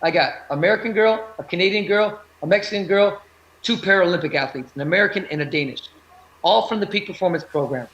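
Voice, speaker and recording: A man speaking in a fairly high voice, frank and emphatic. He repeats his points for weight. The room around him rings with echo. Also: fast, fairly bright tone, lo-fi sound. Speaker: taekwondo coach, guest. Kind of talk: candid interview talk.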